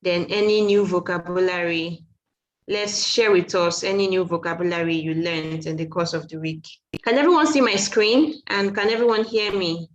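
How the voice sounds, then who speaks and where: A woman's voice: fairly low pitch, normal speed, dull audio. A woman teaching French over a video call, encouraging and repeating her questions. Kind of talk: online class teaching.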